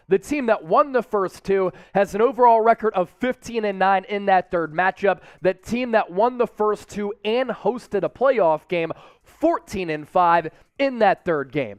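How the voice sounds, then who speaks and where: A young man hosting a live sports watch party stream from a studio, energetic and hyping up viewers with shout-outs. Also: high voice, dry recording. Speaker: sports show host.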